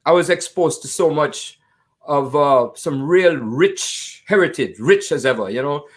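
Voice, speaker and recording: An older man from Jamaica with a Jamaican accent, a jazz pianist telling stories of his life as an interview guest, with good humor and slow, drawn-out phrasing. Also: on the high side, expressive. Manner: warm-humored, laughs often, drawn-out phrasing. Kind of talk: storytelling in conversation.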